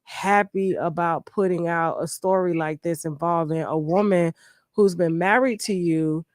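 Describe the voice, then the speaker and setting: A woman's voice: on the low side, steady tone, no echo, clean studio sound. Earnest woman interviewing on a call. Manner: earnest, measured, piles up phrases.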